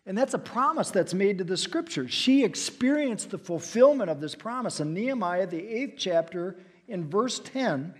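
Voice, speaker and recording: Husky-voiced preacher, loud then hushed. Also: male voice, high voice, animated, normal speed. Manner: storytelling with sudden loud and hushed swings. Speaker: pastor. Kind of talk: sermon.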